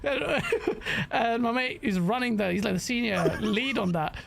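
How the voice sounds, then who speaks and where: A man with a London accent chatting as a podcast co-host, telling stories in an animated, slangy way and laughing often. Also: very high-pitched, unhurried, vocal fry. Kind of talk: casual chat.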